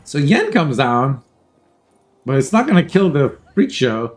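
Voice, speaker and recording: A man casually commentating a card game tournament over a headset, joking and rambling, often clearing his throat. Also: mid-range voice, very animated, a little slow. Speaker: tournament caster.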